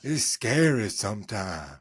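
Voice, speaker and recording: A simple-hearted Southern man stretches every word out slowly, as a man puts him on. His pitch rises and falls a lot. The delivery is earnest and plain. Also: sing-song, slightly rough, exaggerated voice. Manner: very slow, drawn-out delivery.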